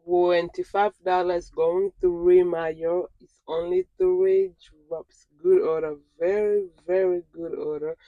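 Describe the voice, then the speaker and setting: A delivery driver vlogging through a work shift, chatting to viewers and repeating phrases with excitement. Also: mid-range voice, slow, no echo, dull audio. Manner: excitable, repeats phrases, keeps saying "you guys". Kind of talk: casual vlog talking to viewers.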